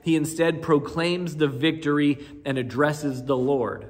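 A male pastor in his thirties delivers a conversational sermon, doubling back on his words and tossing in "right?" as he goes. His voice sits a little high, and a long church reverb trails every line. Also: a bit bright. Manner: conversational preaching, frequent restarts and "right?" asides. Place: church sanctuary.

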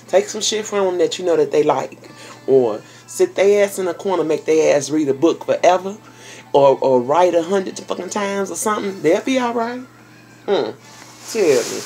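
A woman's voice: deep voice, a little mellow, a little hiss or hum. A grandmother vlogging from her home office, tired and speaking in a folksy, salty way, calling her viewers honey and baby. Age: older. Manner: folksy, salty, talks straight to viewers with endearments. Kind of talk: casual vlog chat.

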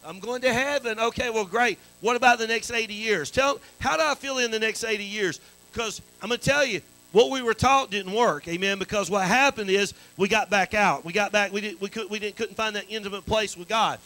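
A man's voice: high-pitched, a little fast, bright, forceful tone, poor audio. A man preaching a sermon as pastor, calling out to the congregation and restarting phrases. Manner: call-and-response preaching, repetitive restarts.

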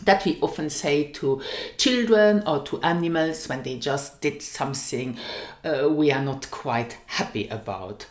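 A woman teaching a language lesson, speaking slowly and carefully and repeating each example phrase. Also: deep voice, roomy sound.

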